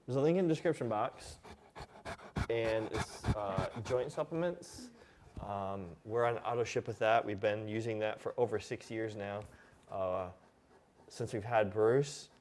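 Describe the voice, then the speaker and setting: A man in his thirties hosting a casual live stream, relaxed and rambling as he reads viewer questions aloud and answers them. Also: fairly low pitch, unhurried, slight background noise. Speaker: host.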